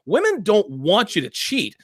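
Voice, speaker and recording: Animated, expressive man telling stories. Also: high voice, normal speed, dry recording, clean studio sound. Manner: animated, profane storytelling. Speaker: podcast host. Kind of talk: casual podcast conversation.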